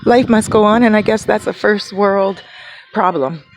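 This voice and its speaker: A woman's voice: mid-range voice, moderate pace, background noise. A woman vlogging from home near her garden, telling an emotional story casually, full of quoted dialogue and fillers.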